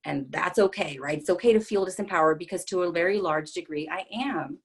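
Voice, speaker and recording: A woman's voice: fairly low pitch, fairly quick, husky. A woman psychotherapist giving a talk, earnest and reassuring, with frequent fillers and restarts. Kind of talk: talk to an online group.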